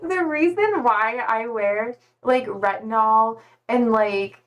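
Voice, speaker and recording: Giggly young woman streamer, fairly high voice. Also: slow pace, fairly bright tone. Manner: rambling and giggly, heavy use of "like"; swears casually. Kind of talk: casual live-stream chat.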